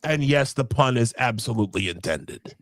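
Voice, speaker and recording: A man's voice: medium pitch, animated, moderate pace, a bit bright, no echo. A man hosting a podcast, reading quotes aloud with sarcastic asides, swearing and stammering through restarts. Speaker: podcast host. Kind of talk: casual podcast chat, reading documents aloud.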